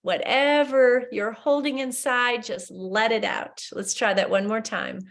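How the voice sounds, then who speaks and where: A woman leading a guided breathing meditation and laughter yoga, her voice slow and soothing. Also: a little high, steady tone.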